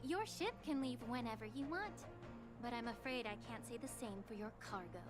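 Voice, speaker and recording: Woman playing a calm teasing game official, high voice, soft music behind. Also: moderate pace, natural voice. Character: calm, dryly teasing adult female port official. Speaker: game character, port official. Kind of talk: game voice acting.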